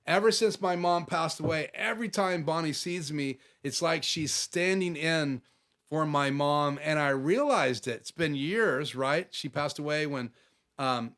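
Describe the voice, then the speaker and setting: A man's voice: fairly high pitch, fairly bright tone. Chatty man hosting a live stream. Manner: chatty, reading out and answering viewer comments. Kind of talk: casual live stream chat. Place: home office.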